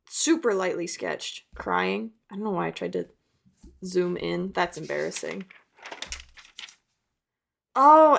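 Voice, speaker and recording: A woman's voice: mid-range voice, gravelly, a bit bright. A young woman narrating a casual sketchbook tour, chatty and self-mocking, laughing at her old drawings. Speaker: art vlogger.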